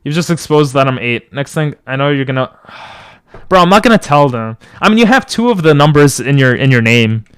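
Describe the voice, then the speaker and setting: A young man streaming from home on a close boom mic, rambling and joking as he answers chat. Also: expressive, brisk, a bit bright, clear, resonant tone, no echo. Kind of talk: casual live-stream chat. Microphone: boom mic close to the mouth.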